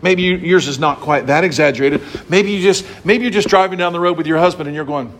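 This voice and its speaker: Speaking fast over a little background noise, a male pastor explains a psalm to his congregation. His sermon is lively as he plays out small scenes and character voices, his pitch leaping up and down.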